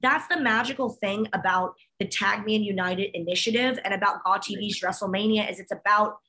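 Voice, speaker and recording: A woman's voice: medium pitch, brisk, sharp tone. A woman co-hosting a chat show, talking in a gushing, emotional, effusive way. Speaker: podcast co-host. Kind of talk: casual chat.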